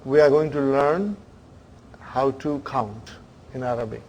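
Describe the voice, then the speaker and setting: Slow-paced patient male teacher. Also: medium pitch, darkish tone, a little hiss or hum. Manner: patient, repeats words slowly, checks in with students. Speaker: Arabic teacher. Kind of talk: classroom lesson.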